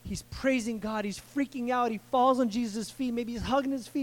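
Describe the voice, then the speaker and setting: A man preaching a casual, conversational sermon, animated and slangy, acting out the people in the story. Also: very high-pitched, a little fast, few pauses. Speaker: pastor.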